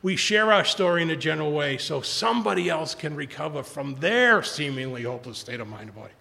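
A man telling his recovery story to a large audience, rambling with many restarts, speaking quietly and rising when he urges the crowd. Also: on the high side, animated, fairly quick. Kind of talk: personal testimony talk. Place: large hall before an audience. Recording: long hall reverb, gravelly.

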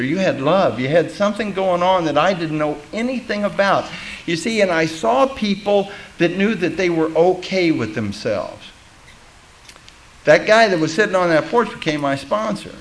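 Poor audio with a slight hiss or hum captures a man with a fairly high voice at a recovery meeting. He tells his personal story candidly and with self-mocking humor, acting out the voices of the people he quotes.

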